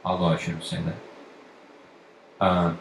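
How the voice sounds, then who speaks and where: A man hosting a solo podcast, ranting with heavy swearing and pushing his voice up toward near-shouting. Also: deep voice, completely flat delivery, unhurried, creaky. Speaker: podcast host. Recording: echoey room, far from mic, faint noise.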